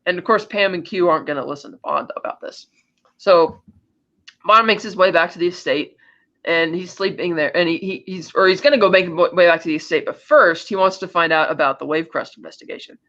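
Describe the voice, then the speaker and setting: A man co-hosting a podcast, casually recapping a film's plot with animated storytelling and frequent restarts. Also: sits high, a little fast. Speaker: podcast co-host. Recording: slightly muffled lo-fi audio.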